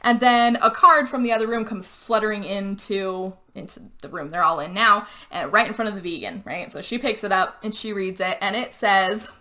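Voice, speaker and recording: A woman hosting a podcast, casually retelling a movie plot with lots of "like" and quick quoted character voices. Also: medium pitch, sharp tone. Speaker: podcast host. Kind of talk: casual movie recap chat.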